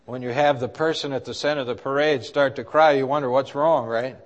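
A male pastor preaching a sermon, rising and falling in loudness and asking the congregation questions. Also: mid-range voice, fairly even intonation, fairly quick. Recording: long hall reverb.

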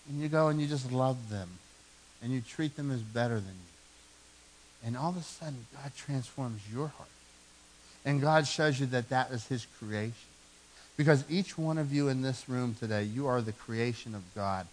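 A man in his forties preaching a sermon in a church, telling stories with animated, self-mocking humor. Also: mid-range voice, moderate pace, a little hiss or hum, poor audio. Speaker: pastor. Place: church sanctuary.

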